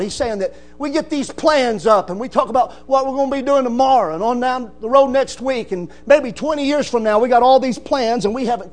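A man, rising into loud emphatic calls and peppering his sermon with "amen". A low mains hum runs under the recording. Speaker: preacher.

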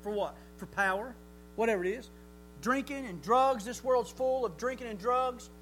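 A man's voice: extremely high pitch, normal speed, fairly bright tone, a little hiss or hum. A man preaching a sermon in a folksy way, asking rhetorical questions and chuckling often.

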